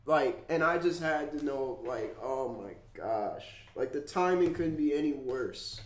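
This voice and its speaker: A man's voice: animated, a little slow, few pauses. Congested, upset man ranting, echoey room. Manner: swearing, swings from loud outbursts to low mumbles. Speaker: YouTuber. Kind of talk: emotional vlog rant.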